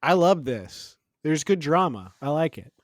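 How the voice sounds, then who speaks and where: Male podcast co-host, casual, animated and chatty, very expressive pitch, dry close mic. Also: a little slow, no echo. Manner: animated, laughs often, rambling asides. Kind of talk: casual chat.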